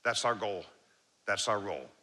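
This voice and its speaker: A man giving a motivational leadership talk to a live audience, swinging between loud emphatic lines and a low, slow, calm voice. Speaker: leadership speaker.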